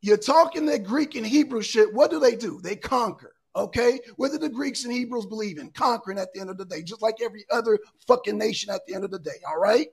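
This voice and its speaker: A man's voice: very high voice, fast, creaky, hardly any pauses, slightly rough. A male host arguing heatedly and with heavy profanity on an online panel, repeating his points.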